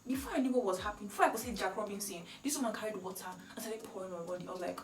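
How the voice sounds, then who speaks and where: A young woman with a Nigerian accent tells a casual vlog story in a chatty, animated way, dropping Nigerian slang as she goes. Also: medium pitch, very fast, faint music behind. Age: young adult. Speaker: vlogger. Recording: echoey room, mic at a distance.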